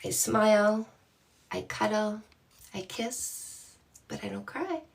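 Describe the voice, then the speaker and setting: A woman's voice: medium pitch, animated, slow pace, creaky, far from the mic. A middle-aged woman from Canada, a dating coach, talking casually to viewers on a livestream and greeting them by name in a playful way.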